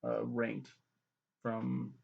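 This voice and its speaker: A man giving a rambling, profane casual movie recap, slipping into quick voices for the characters. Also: mid-range voice, sing-song, vocal fry, dull audio. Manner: loose, profane, mimics characters in quick asides. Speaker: film reviewer.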